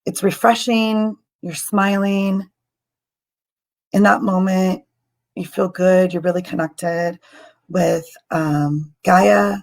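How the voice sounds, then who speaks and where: A woman hosting a live stream as a spiritual healer, guiding a meditation in a soft, halting, emotional way with many ums, and she is tearful. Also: mid-range voice, poor audio. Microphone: computer mic on a live stream.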